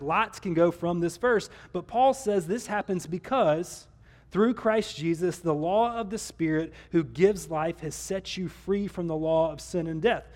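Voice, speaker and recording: Man, pastor, sermon, high voice, conversational delivery. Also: darkish tone. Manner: conversational preaching with restarts.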